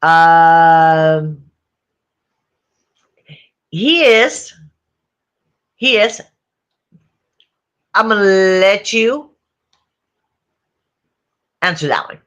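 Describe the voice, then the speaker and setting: Chatty woman hosting a livestream, lively voice. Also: fairly low pitch, drawn-out words, pauses often, clean tone, muffled recording. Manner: chatty, laughs often, talks to viewers. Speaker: livestream host. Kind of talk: casual livestream chat. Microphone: phone.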